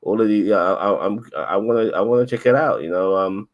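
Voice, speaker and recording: Low-voiced rambling man. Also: a little fast, muffled recording. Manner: rambling, swears a lot, stammers and repeats words. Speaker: podcast co-host. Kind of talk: casual chat.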